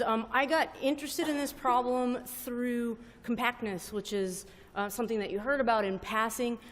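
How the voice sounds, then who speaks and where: A woman speaking as a panelist, explaining her work as a mathematician in a self-deprecating way. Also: medium pitch. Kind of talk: panel discussion. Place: large conference hall. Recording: reverberant lecture hall.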